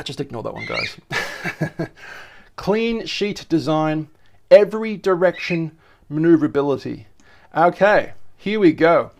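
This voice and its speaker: A man hosting a casual tech vlog, rambling and joking as he reads an article aloud and stumbles over words. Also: fairly high pitch. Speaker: tech vlogger.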